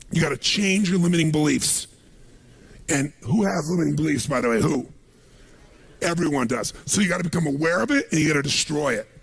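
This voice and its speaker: A man addresses a live audience in a motivational seminar, emphatic and driving, pausing to throw questions at the crowd. His voice sits high for a man, and a gravelly fry runs through it. The tone is husky and raspy rather than clean. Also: fairly bright tone. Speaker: motivational speaker.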